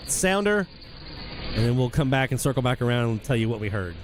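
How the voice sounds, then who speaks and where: A man hosting a live radio hobby show, chatting casually and enthusiastically as he reads out listener shoutouts. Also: medium pitch, very animated, brisk, noisy background. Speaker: host of a radio hobby livestream.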